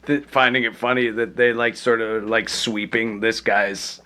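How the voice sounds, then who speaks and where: Man, casual podcast chat, bright sharp voice, dry humor. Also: lowish voice, steady tone, a little slow. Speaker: podcast co-host listening and reacting.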